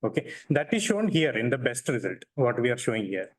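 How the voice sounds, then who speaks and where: A man presenting a technical lecture in a hall to an audience, talking haltingly with many fillers. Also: medium pitch, sing-song. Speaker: workshop presenter.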